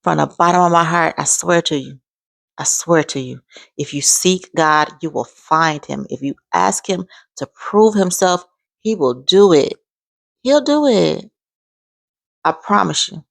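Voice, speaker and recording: A woman's voice: on the low side, animated, measured pace, creaky, dry recording. A woman in her forties sharing an emphatic, heartfelt faith testimony in a vlog. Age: 40s. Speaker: vlogger.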